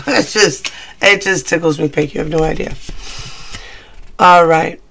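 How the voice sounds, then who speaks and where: Chatty, high-voiced man reading tarot. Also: steady tone, unhurried, vocal fry, bright, forceful tone, slight background noise. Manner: chatty, rambling, self-deprecating. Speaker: tarot reader.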